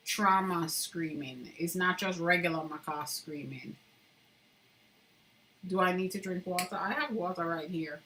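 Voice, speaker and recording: A woman's voice: lowish voice, fairly bright tone. A woman hosting a casual live stream from indoors at home, chatting with viewers and reading their comments aloud while she carves, with frequent laughter.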